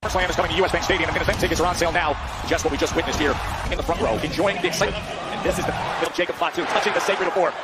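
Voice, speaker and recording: A man calling a wrestling match as play-by-play commentator, bursting into shouts at the big moves. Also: fairly high pitch, fairly even intonation, very fast, very noisy. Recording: broadcast mix with loud crowd and music.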